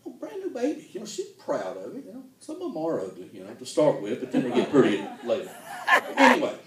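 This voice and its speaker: Animated man telling jokes from afar. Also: a little high, fast. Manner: folksy, animated, laughs at own jokes. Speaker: comedian. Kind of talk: stand-up joke telling. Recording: echoey room, distant mic.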